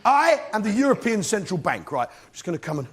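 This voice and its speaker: A man's voice: high-pitched, big pitch swings, fast. A middle-aged English man doing stand-up comedy on a theatre stage, ranting and swearing at a live crowd. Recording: noisy live stage recording with laughter.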